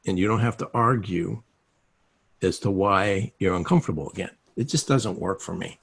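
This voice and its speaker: Over a video call, a man with a low, gravelly, slightly rough voice gives a casual self-help teaching talk at a moderate pace. He tells stories animatedly and acts out the dialogue within them.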